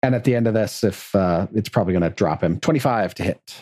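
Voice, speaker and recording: A man running a tabletop game as game master, measured and focused on the rules. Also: lowish voice, a little mellow.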